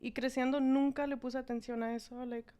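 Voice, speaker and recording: Lively bilingual woman telling her story. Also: high voice, fast talker, clean tone, highs cut off. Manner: code-switching between English and Spanish, animated storytelling. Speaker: interview guest, business owner. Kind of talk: casual interview storytelling.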